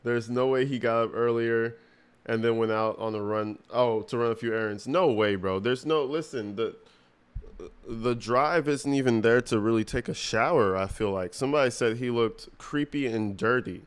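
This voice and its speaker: A man riffs through casual livestream commentary, crude and mocking, with plenty of slang. His voice comes across smooth and clear. He rambles from one jab to the next. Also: medium pitch, normal speed. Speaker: streamer reacting to a clip.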